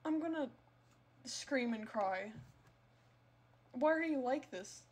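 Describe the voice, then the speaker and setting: A woman's voice: high-pitched, animated, takes it slowly. A woman streamer chatting casually with her live chat during gameplay, teasing them and breaking into melodramatic squeals.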